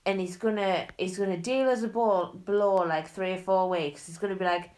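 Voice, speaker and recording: A woman's voice: mid-range voice, fairly even intonation, normal speed, hardly any pauses, a little mellow. A young woman chatting casually to a phone camera, telling a gossipy story. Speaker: vlogger. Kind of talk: casual chat.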